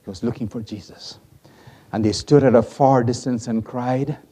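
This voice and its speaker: Mellow, husky-voiced man preaching. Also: mid-range voice, normal speed. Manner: dramatic storytelling, swings from loud to hushed. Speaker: pastor. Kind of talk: sermon.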